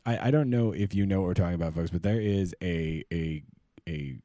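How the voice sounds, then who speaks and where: A man co-hosting a podcast in casual chat, rambling and halting with frequent restarts. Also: low voice, mellow, dry recording, studio quality. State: short on sleep. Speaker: podcast co-host.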